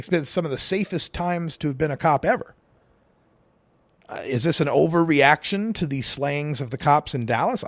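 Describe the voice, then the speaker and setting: A man's voice: a little high, a bit bright, no room sound. A middle-aged man from Idaho, hosting a talk radio show and giving emphatic, opinionated political commentary with sarcastic asides.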